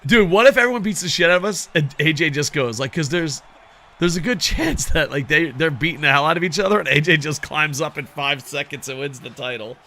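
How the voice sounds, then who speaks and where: A man calling a wrestling video game for his viewers, excitable and foul-mouthed, chatting to them as "boys." His voice sits a bit high and rings with a very sharp, tense edge. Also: a little fast. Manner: excitable, heavily profane, addresses viewers as boys. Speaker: gaming commentator. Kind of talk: casual video game commentary.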